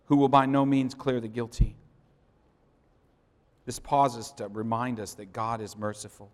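A man preaching a sermon, moving from quiet storytelling to loud, impassioned declarations. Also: medium pitch, flat delivery, measured pace, pauses often, in a large hall. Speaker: pastor.

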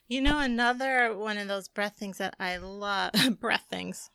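A woman co-hosting a podcast in casual chat, speaking gently and reflectively, often trailing off mid-thought. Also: mid-range voice, steady tone, measured pace, creaky, smooth, dry recording, clean studio sound. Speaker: podcast co-host.

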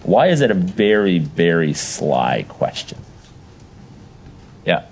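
A man's voice: low voice, slow, slightly rough. A man teaching a Bible class, explaining verses with emphasis and putting questions to his listeners. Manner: animated, emphatic, asks the audience questions.

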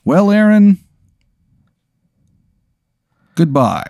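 A man putting on a high, pleading king of dads. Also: big pitch swings, unhurried, vocal fry, mellow, no echo, full character voice. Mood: earnest. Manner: heartfelt, dramatic pleading. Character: earnest middle-aged male "king of dads", pleading.

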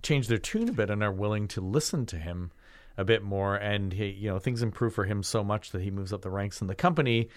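A man's voice: on the low side, a little fast, few pauses, no echo. A man casually chatting about a film he picked, rambling with many fillers and restarts. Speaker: podcast co-host. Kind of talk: casual film review chat.

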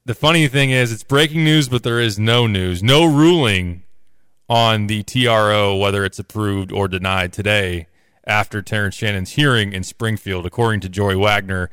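Smooth bright male radio host. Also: on the low side, normal speed, dry recording, studio quality. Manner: steady, conversational, sing-song show intro. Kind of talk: casual sports radio chat.

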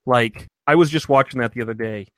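A man's voice: mid-range voice, fairly quick, dry recording. Enthusiastic man in casual chat. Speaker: podcast co-host.

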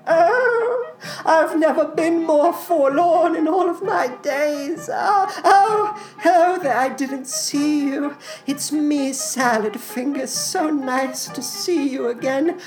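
A man's voice: extremely high pitch, takes it slowly, over music, pitched above the performer's own voice, low-quality recording. A man voicing a weepy, creepy male oddball with celery-stalk fingers, pleading through sobs in a comedy ad. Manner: whimpering, sobbing, fragile pleading. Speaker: podcast host voicing a sponsor ad.

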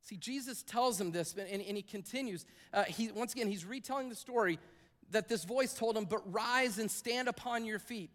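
A man's voice: high voice, normal speed, a bit bright, in a large hall. A man preaching a sermon to a church congregation, in a conversational style with asides and repeated phrases. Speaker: pastor. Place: church sanctuary.

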